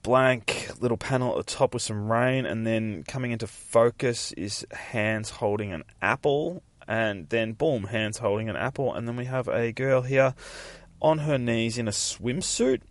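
A man's voice: medium pitch, measured pace, no room sound. A man hosting a comic book podcast, casually describing panels aloud with plenty of swearing and offhand remarks. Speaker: podcast host.

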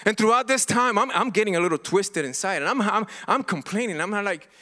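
A man's voice: high-pitched, expressive, fairly quick, few pauses, pushed and bright. A middle-aged man preaching a sermon as pastor, earnest and impassioned, often restarting and repeating himself.

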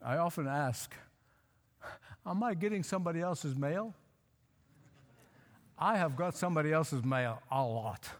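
A male pastor preaching a sermon, emphatic, repeating phrases and slowing to stress lines. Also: fairly high pitch, expressive. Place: church. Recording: hall reverb.

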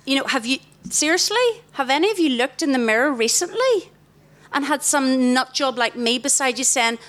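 A middle-aged woman, giving an animated talk to young people in a festival tent and questioning the crowd directly. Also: high-pitched, normal speed. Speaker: youth event speaker. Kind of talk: interactive talk to a young audience. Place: large festival tent, live audience.

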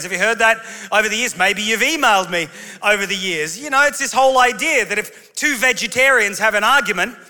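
A man's voice: high-pitched, sharp tone. A male pastor preaching a sermon to his congregation with humorous storytelling. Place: large church auditorium. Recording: long hall reverb.

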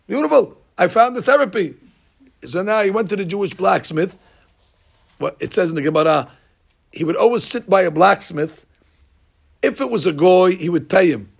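A man teaches a Talmud class, retelling old stories with lively energy and acting out the lines. His voice is rough and gravelly, with a husky edge. It sits fairly high for a man. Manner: animated storyteller, acting out lines with rising shouts. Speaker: Torah teacher.

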